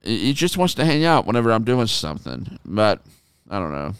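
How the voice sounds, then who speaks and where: A man hosting a podcast in casual chat, telling stories in an animated way and swearing freely. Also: on the low side, fairly quick, clean tone, no echo, studio quality. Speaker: podcast host.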